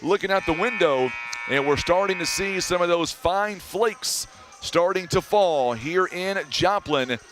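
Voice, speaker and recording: A man with a Southern American accent calling a high school basketball game on local radio, chatty and folksy, reading sponsors and weather between plays. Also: a little slow, fairly bright tone, soft background music. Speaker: play-by-play announcer. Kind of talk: radio sports commentary.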